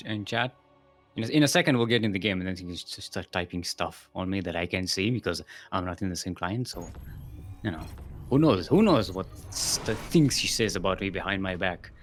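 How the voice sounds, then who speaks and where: Male esports caster, deep voice swinging wide, ring-announcer flair, joking, faint music behind. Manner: joking, rambling, booming ring-announcer introductions. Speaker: tournament host and caster. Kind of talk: playful esports commentary.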